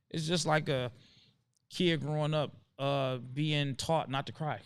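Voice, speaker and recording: An earnest man in relaxed conversation, speaking at an ordinary middle pitch. He hammers his points home with emphasis and repeats key phrases for weight. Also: a little slow, smooth. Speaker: host. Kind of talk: casual conversation.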